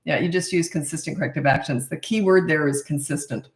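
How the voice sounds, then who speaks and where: A woman's voice: sits low, brisk. Middle-aged lady answering parenting questions live, blunt and chatty, roomy echo. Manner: blunt, chatty, laughs at herself. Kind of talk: casual live Q&A chat.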